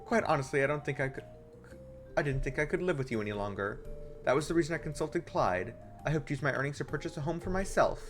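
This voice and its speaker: A haughty wife from a game lays into her husband with cutting, lecturing lines, as a man reads her part. The voice sits a little above his usual pitch and swings up and down freely. Faint music runs underneath. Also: lively intonation, fast, natural voice. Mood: scornful. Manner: cutting, lecturing, stumbling over words while reading. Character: haughty middle-aged wife, sharp-tongued and scornful. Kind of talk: reading game dialogue aloud in voices.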